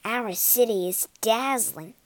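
A woman voicing a gruff male gatekeeper who gives brisk, barked orders in a storybook. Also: on the high side, no room sound. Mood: firm. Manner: brisk, barking.

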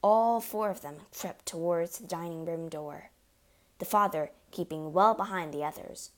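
A woman narrating a children's storybook in an expressive, animated reading. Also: on the low side, measured pace. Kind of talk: audiobook storytelling.

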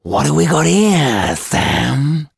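A man voicing a brutish one-eyed male street thug, slow and mocking, in an audiobook. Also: a little high, very animated, gravelly, slightly rough, dry recording, clean studio sound, pitched above the performer's own voice, heavily acted. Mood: menacing.

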